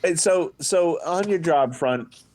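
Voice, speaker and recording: A man's voice: fairly high pitch, slow pace, slight background noise. A man co-hosting a comedy podcast, cracking crude teasing jokes. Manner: joking, animated, teasing. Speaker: podcast co-host.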